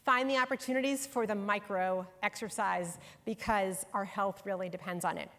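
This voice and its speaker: At normal speed, with fairly even intonation and a slightly bright mid-range tone, a middle-aged New Yorker gives a workshop talk to professionals. The presenter and author speaks conversationally and emphatically to the live audience in a conference room, where long hall reverb rings out.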